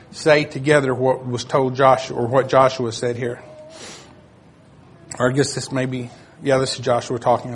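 Older man preaching in a husky voice. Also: mid-range voice. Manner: plain conversational preaching, reads scripture aloud; searches for verses, self-correcting. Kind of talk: sermon.

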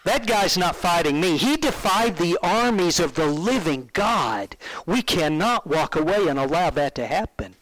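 A bold, indignant young shepherd boy, as a preacher acts him out. He speaks earnestly and sometimes drops to a hushed, urgent tone. The voice sits high and sounds close and dry. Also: animated, a little slow, no room sound, poor audio.

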